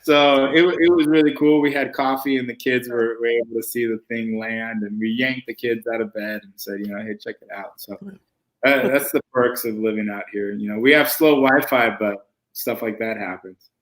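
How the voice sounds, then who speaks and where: A man's voice: medium pitch, normal speed, poor audio. A man, a winemaker guest, chatting casually and telling anecdotes with lots of restarts. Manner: animated anecdotes with acted quotes, many restarts. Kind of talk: casual storytelling chat.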